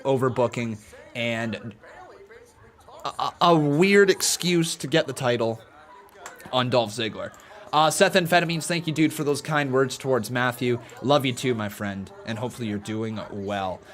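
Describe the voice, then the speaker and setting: A man's voice: mid-range voice, moderate pace. A man hosting a live watch-along stream in a casual, chatty way, greeting viewers by name and talking to them in an earnest, encouraging tone.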